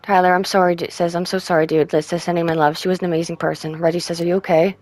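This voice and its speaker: A woman streamer reading out in-game text messages in a soft, subdued way. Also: lowish voice, level tone, fast talker. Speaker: gaming streamer. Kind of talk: reading game texts aloud.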